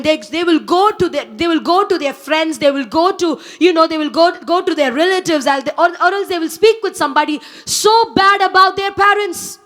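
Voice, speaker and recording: A young woman with a very high voice preaches to a church congregation. She speaks earnestly and urges her listeners, and she repeats her key lines for emphasis. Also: a bit bright. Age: young adult. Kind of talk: sermon.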